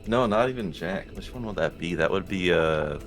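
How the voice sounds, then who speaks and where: Very deep-voiced man at a game table. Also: normal speed. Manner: laughs often, chatty. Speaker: player.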